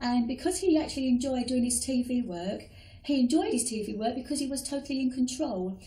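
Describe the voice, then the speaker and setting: A woman's voice: high voice, animated, a little fast, dark tone, recorded from a distance. A middle-aged woman earnestly explaining in an interview. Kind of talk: reminiscing interview. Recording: roomy echo.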